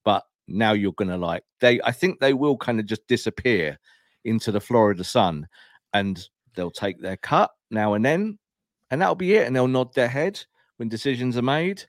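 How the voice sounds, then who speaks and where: A man's voice: medium pitch, no room sound. Emphatic man in a dry room. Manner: animated, emphatic, quick asides. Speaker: podcast co-host. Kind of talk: opinionated football talk.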